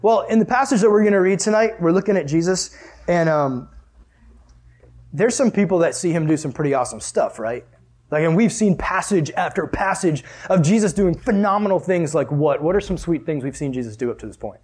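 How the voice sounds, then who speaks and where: A young man with a high voice tells a campfire-style story to a youth group, bubbly and full of "like". He laughs often and keeps things loose before turning to Bible study. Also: a little fast, a little mellow.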